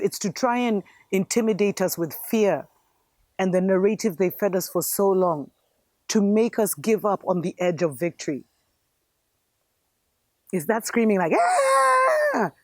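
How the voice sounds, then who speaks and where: A woman's voice: medium pitch, darkish tone, no echo. A woman host giving an impassioned spiritual commentary monologue, fervent and preachy, calling her viewers family.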